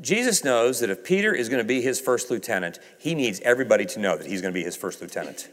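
Lively preacher man in a reverberant hall. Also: fast talker. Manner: dramatic swings from raised emphasis to hushed low delivery; acts out quoted dialogue. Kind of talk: sermon.

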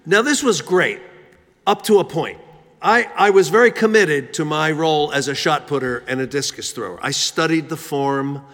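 A man's voice: fairly high pitch, normal speed, fairly bright tone. A man from Philadelphia telling a humorous, self-mocking story in a sermon, with frequent fillers and restarts. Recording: reverberant church hall.

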